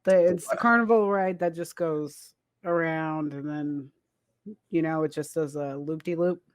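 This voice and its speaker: A man's voice: a little high, fairly even intonation, measured pace, dry recording, studio quality. A man co-hosting a casual comedy podcast, telling rambling, self-mocking stories with plenty of swearing. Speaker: podcast co-host.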